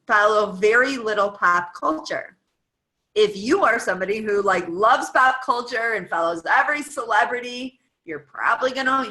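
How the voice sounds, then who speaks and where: A chatty woman in her thirties from the United States talks through a coaching worksheet, firing off one question after another. Her voice is bright and forward, and her talk is loose and informal, full of "um" and "like". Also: medium pitch, rough recording. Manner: chatty, lots of "um" and "like", asks lists of questions. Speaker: guest speaker coaching fitness coaches.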